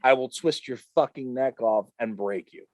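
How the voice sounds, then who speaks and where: A man's voice: mid-range voice, moderate pace, a little mellow, dry recording. A man co-hosting a podcast in a casual chat, joking, crude and emphatic. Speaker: podcast co-host.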